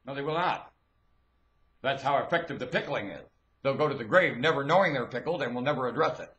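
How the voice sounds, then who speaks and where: A man delivering a rambling, preachy monologue rant into a webcam, swinging from low muttering to loud shouting. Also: brisk, muffled recording. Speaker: webcam vlogger.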